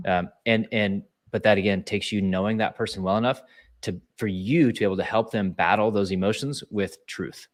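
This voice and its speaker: Male leadership speaker, low voice, casual earnest coaching talk. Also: fairly quick. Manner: earnest, coaching, many restarts.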